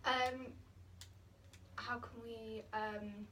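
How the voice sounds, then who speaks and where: A woman's voice: a little high, little pitch movement, extremely slow, fairly bright tone. Young woman, student in a group discussion, hesitant with fillers; recorded at a distance, faint background hum. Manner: hesitant, many fillers and restarts. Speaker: drama student.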